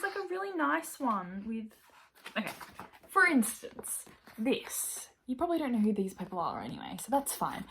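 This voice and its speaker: A young woman chatting casually in a reading vlog, gushing about a book and sometimes dropping to soft whispers. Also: mid-range voice, vocal fry, slight background noise. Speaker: book vlogger.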